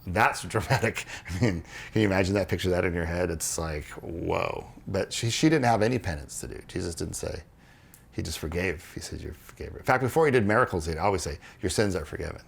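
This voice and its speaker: A man on a podcast, explaining ideas earnestly in casual conversation and acting out quoted dialogue as he goes. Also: a little fast. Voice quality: low gravelly voice, husky. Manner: earnest, animated storytelling with restarts and quoted dialogue. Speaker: podcast co-host explaining religious history.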